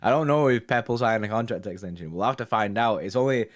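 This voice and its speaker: A man's voice: on the low side, fast talker. A young man hosting a casual football fan live stream, bantering loosely with viewers and reading out their comments. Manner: chatty, laid-back banter with frequent "mate" and "innit". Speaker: football fan channel host.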